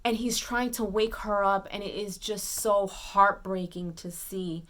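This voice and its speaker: A woman giving a casual spoiler movie recap, retelling scenes excitedly with lots of fillers and restarts. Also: mid-range voice, measured pace. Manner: excited retelling, acts out characters' lines. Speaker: movie reviewer.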